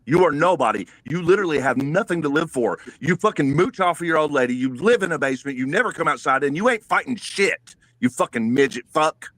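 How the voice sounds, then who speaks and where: A man's voice: a little high, lively intonation, fairly quick, hardly any pauses, a bit bright, no echo. A man arguing on an online panel, aggressive and profane, hurling insults. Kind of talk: heated online argument.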